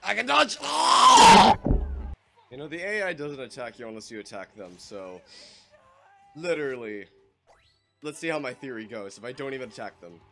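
A man giving excitable let's-play commentary, swearing and laughing often as he plays. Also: mid-range voice, brisk, faint music behind. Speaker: gaming channel host.

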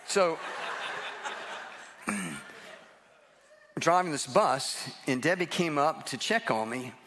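A man's voice: a little high, lively intonation, takes it slowly, fairly bright tone, a little hiss or hum. An older man preaching a humorous sermon in a church, telling personal stories in a chatty, self-deprecating way. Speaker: guest preacher. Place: church sanctuary, live service.

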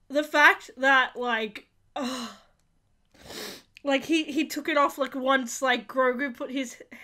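A young woman hosting a casual review, rambling with lots of fillers and breaking into excited squeals. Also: high voice. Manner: gushing, rambling, full of fillers; bursts into squeals and laughs. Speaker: YouTube reaction host.

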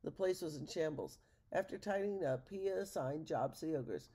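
A woman reading a picture book aloud to listeners, in a gravelly voice. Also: low-pitched, lively intonation, normal speed, warm tone. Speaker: storybook reader.

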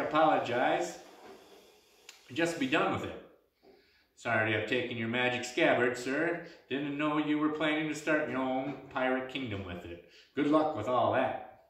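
A man's voice: mid-range voice, fairly bright tone, voice pushed up, lightly acted. A man voicing a roguish young man who talks in a cheeky, flippant way. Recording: echoey room, mic at a distance.

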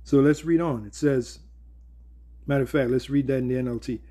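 A man's voice: medium pitch, steady tone, a little fast, warm tone. A man giving a casual, conversational Bible teaching. He often repeats words and checks in with "all right?".

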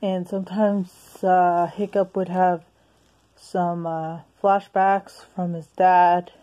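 A woman's voice: on the low side, flat delivery, takes it slowly, dull audio. A woman reviewing a movie in a casual home video, talking hesitantly with many restarts and sounding out of breath.

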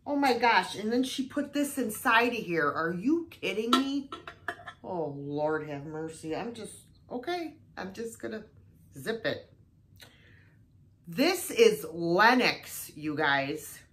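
A woman's voice: medium pitch, sing-song, takes it slowly, a bit bright. An older woman chatting casually through a thrift haul video, exclaiming often as she shows off her finds.

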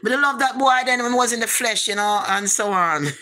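A woman's voice: fairly high pitch, lively intonation, a little fast, bright, forceful tone. A woman with a Jamaican accent telling a rambling personal story in patois, repeating words for emphasis. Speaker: vlogger.

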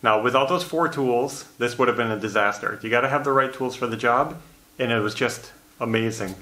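A man's voice: medium pitch, brisk. Man vlogging in an echoey empty room. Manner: relaxed, matter-of-fact explaining. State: morning voice. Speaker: DIY vlogger installing carpet. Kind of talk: casual home-project vlog. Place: empty room in a house, indoors.

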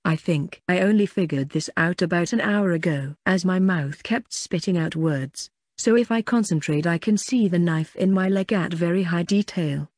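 A woman's voice: fairly low pitch, darkish tone, dry recording, clean studio sound. A woman narrating a first-person audiobook in a plain, conversational reading with small slips.

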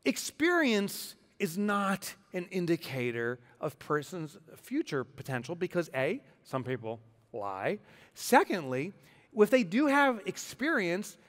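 A man giving a motivational keynote talk in a conversational, animated way, full of rhetorical questions. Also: a little high, in a large hall. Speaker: keynote speaker.

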